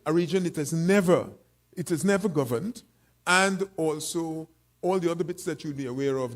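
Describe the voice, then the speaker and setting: A man giving a formal, measured panel talk, slightly out of breath, pausing often with fillers. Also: on the high side. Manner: measured, with frequent pauses and fillers. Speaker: panel speaker.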